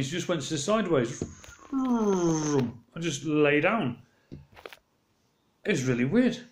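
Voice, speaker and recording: A man's voice: on the high side, roomy sound. A man telling stories from his day in a casual, rambling vlog, acting out both sides of each exchange. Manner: rambling, animated retelling with quoted exchanges. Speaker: vlogger. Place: walking around outdoors.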